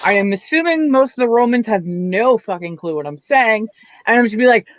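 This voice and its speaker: A woman's voice: fairly high pitch, animated, a little fast, muffled recording, a little hiss or hum. A woman playing a tabletop game, chatting casually and swearing bluntly. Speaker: player. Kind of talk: casual chat.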